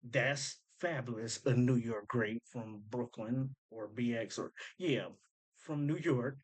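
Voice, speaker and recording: A man's voice: mid-range voice, slow, low-quality recording. A man hosting a casual commentary, eagerly explaining and pointing out details as he goes. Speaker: host breaking down rap lyrics.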